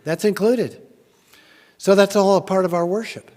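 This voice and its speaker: A man preaching a sermon in a church, chatty and questioning, rising loudly when he reads scripture. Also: high-pitched, normal speed. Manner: conversational, asks the congregation questions. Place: church sanctuary. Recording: long church reverb.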